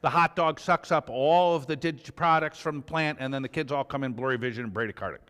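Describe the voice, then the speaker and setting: A man's voice: medium pitch, fairly quick, a bit bright, smooth. A man giving a conversational medical review lecture, mixing facts with stories from his own practice. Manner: conversational, tells clinical anecdotes. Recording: lecture hall reverb.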